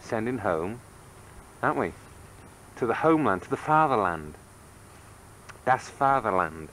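A father with a lowish voice and normal speaking speed coaxes and teases his toddler at home, full of animation, while recording on a camcorder. Its microphone yields a low-quality recording with a little hiss or hum.

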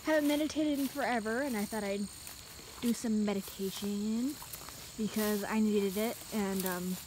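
A woman's voice: medium pitch, fairly even intonation, moderate pace. A young woman chatting casually as she walks through woods, a bit out of breath and rambling. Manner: chatty and rambling, talking while walking. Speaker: vlogger. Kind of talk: casual walking vlog. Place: outdoors in woods and a rural field. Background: wind and insects outdoors.

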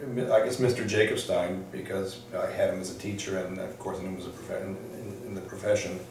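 A man's voice: sits low, steady tone, fast talker, darkish tone. An older man from Detroit, a law librarian, telling stories from his career in an oral history interview, restarting often as he thinks. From Detroit, USA. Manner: reflective storytelling, frequent restarts and "um"s. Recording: echoey room, distant mic, faint noise.

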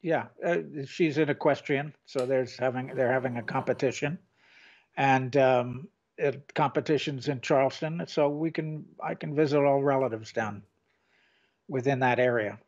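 A man's voice: medium pitch, moderate pace, highs cut off. An older man co-hosting a casual chat, rambling and trailing off mid-sentence. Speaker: co-host.

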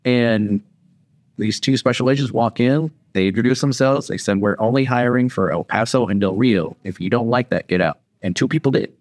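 A man's voice: medium pitch, moderate pace, no echo, clean studio sound. A man on a podcast telling a story casually, acting out the voices of the people in it. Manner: animated, acts out quoted voices. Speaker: podcast guest.

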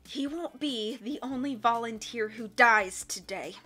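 A woman reading aloud and voicing a cruel, greedy villainous man with loud, slow, snarling threats. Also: fairly high pitch, soft background music. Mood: menacing.

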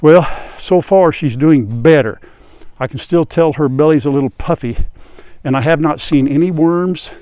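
Older man gently talking to his hens. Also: fairly high pitch, normal speed. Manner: gentle, soothing talk to his hens, hushed at times. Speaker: farm vlogger. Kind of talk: casual farm vlog. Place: outdoors at a chicken coop. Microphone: lapel mic. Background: hens clucking, rooster.

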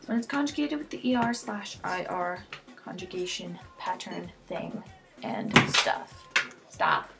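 A woman's voice: fairly low pitch, animated, measured pace, vocal fry, over music. A teenage girl giving a casual homemade Spanish grammar lesson, chatty and jokey, often sidetracked, speaking close to her computer mic. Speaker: amateur Spanish tutor. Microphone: computer webcam mic close up.

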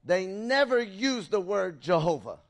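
A man preaching an excitable sermon in a church, pausing for a live interpreter and calling out to the congregation. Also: high-pitched. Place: church sanctuary.

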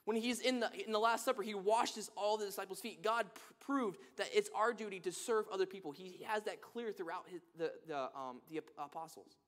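A man's voice: high voice, a little fast, few pauses, a bit bright. A man preaching a sermon, reading scripture and telling stories earnestly.

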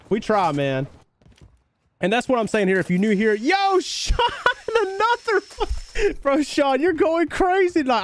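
A young North Carolina man with a Southern twang is live-streaming a shooter game, chatting with viewers and reacting loudly to the action. He's excitable and talkative, his voice on the high side. The recording is dry, with no room sound.

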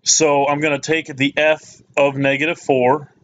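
A man's voice: on the high side, flat delivery, unhurried, a bit bright. A man teaching a recorded math lesson, casual and plain-spoken, often checking in with "okay?". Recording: slightly muffled lo-fi recording.

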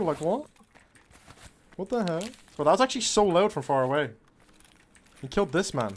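A man streaming a shooter game, chatting casually to his viewers, excitable and swearing often, calling everyone bro. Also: sits high, normal speed, long pauses. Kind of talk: casual live-stream commentary.

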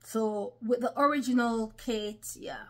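Her pitch is fairly high and her tone steady, with a slightly slow pace, as this online preacher gives religious commentary in a vlog. She speaks emphatically, often turning to her listeners as brothers and sisters.

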